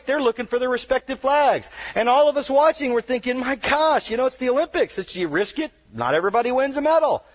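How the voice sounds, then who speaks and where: A high-voiced adult man, a wheelchair user paralyzed from an injury, gives a motivational speech as a dramatic story. He swings from hushed tones to shouting and mixes in self-deprecating humor.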